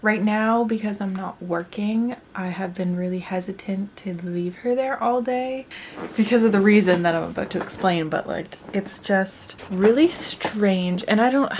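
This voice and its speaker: A young woman chats to her camera at home in a loose, rambling way, full of "like" and "yeah". Her voice sits at an ordinary middle pitch. A faint hiss of room noise runs underneath. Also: moderate pace, a little mellow. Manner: chatty, rambling, filler-heavy. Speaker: vlogger, new mom. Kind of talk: casual talking vlog. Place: at home indoors. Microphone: camera-mounted mic.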